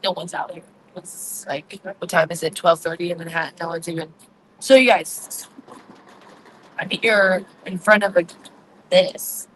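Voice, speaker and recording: A woman in her forties chatting candidly on a livestream, rambling and confessional, filmed outdoors on a quiet city street at night with a phone on a tripod. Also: medium pitch, a little hiss or hum, rough recording. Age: 40s. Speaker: vlogger hosting a livestream. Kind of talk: casual livestream chat. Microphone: phone on a tripod, no earphones.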